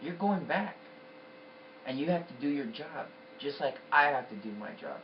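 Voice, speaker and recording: A man voicing a mocking, menacing male devil, taunting in a low, cold tone. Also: animated, moderate pace, recorded from a distance, muffled recording, slight background noise, natural voice.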